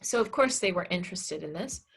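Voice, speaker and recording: A woman teacher telling a class story in an animated, blunt and candid way. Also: fairly low pitch, a little fast, vocal fry, slight background noise. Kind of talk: storytelling lecture.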